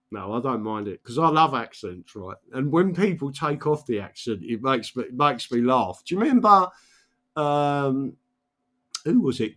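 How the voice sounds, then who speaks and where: A man's voice: on the high side, a bit bright. An older man, chatting casually and telling stories in a rambling way, swearing often and checking in with "right?". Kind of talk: casual storytelling chat.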